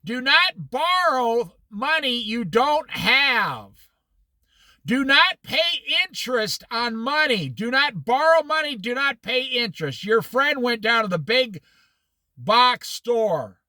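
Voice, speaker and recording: A man teaching a casual Bible study, animated and folksy, laughing at his own stories. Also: extremely high pitch, slow pace, dry recording.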